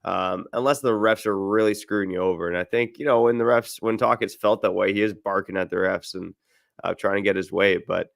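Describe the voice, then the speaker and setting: A man hosting a sports podcast in a relaxed, chatty way. His voice sits low with a gravelly edge. The sound is dry and close to the mic. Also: brisk, no echo. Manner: easygoing, reads ad copy, filler-heavy. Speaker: podcast host. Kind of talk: casual sports podcast chat.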